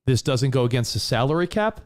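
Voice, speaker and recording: A man's voice: medium pitch, sing-song, a little fast, darkish tone. A man co-hosting a podcast in a playful, teasing casual chat. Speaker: podcast co-host.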